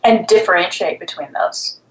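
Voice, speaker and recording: Woman, therapist guest, low-ish pitch, roomy echo, explaining. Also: normal speed, a bit bright. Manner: explaining, conversational. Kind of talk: casual chat.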